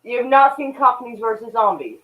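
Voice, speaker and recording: A woman joining a casual stream chat, speaking bluntly with quick asides. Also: on the high side, animated, fairly bright tone. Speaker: call-in guest on a stream. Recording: tinny phone-like line.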